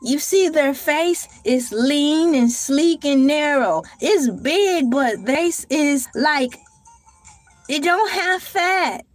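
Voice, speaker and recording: Woman host for a casual live chat, high-pitched and theatrical, with a soft music bed underneath. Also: slow pace, no room sound. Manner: animated and dramatic, bursts into shouts and laughter. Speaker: livestream host.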